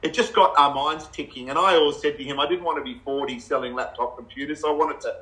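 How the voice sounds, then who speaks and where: A middle-aged Australian man, a guest in a casual chat, telling animated stories with laughs and acted-out quotes. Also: a little high, fast, poor audio.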